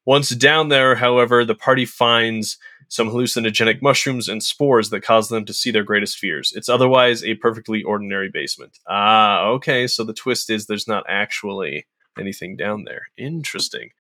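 A man's voice: fairly low pitch, moderate pace, sharp tone, no room sound, studio quality. Male podcast host and game master; casual, upbeat, conversational delivery.

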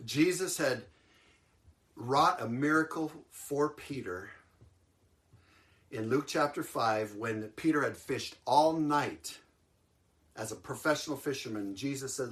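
Man preaching with animated storytelling. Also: medium pitch, takes it slowly, long pauses. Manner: animated storytelling, chuckles often. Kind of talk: sermon.

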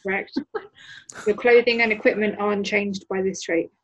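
Mulher jogadora, voz rouca e risonha. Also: female voice, mid-range voice, fairly even intonation, moderate pace, rough recording. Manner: giggly, apologetic. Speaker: player. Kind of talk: casual tabletop role-play.

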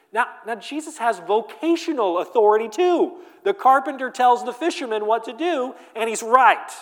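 A man preaching a sermon as a pastor, animated and conversational, with playful asides. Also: on the high side. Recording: long hall reverb.

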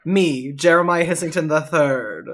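A brash, cocky snake who brags loudly about being the top snake around, voiced by a player. Swaggering and full of itself. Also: mid-range voice, a little slow, natural voice. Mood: boastful.

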